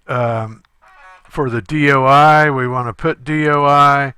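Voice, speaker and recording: A male instructor talking through a screen-recorded tutorial step by step, halting often with fillers. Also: medium pitch, sharp tone, clean tone, no echo.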